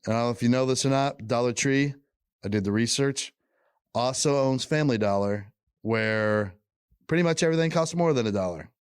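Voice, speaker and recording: Jokey podcast dude, dry close mic, mid voice, gets really into bits. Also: male voice, medium pitch, brisk, smooth, no echo. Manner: joking, animated storytelling with put-on voices. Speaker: podcast co-host. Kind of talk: casual chat. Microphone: headphones, podcast mic.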